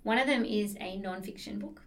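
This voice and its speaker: A woman's voice: mid-range voice, a little fast, far from the mic. A woman co-hosting a casual chat about books, telling stories enthusiastically and laughing often. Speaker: podcast co-host discussing books.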